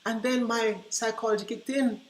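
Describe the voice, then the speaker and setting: A man presenting to early childhood teachers, telling classroom stories in an animated way and acting out the dialogue. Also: extremely high pitch, moderate pace. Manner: animated, acts out quoted dialogue. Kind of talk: storytelling presentation. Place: conference room. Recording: roomy echo.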